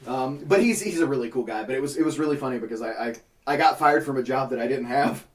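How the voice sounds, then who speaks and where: Talking fast in a medium-pitched voice, this podcast co-host rattles through a long story among friends in a laid-back conversation. He's profane and animated, mimicking what others said, and he sounds far from the mic.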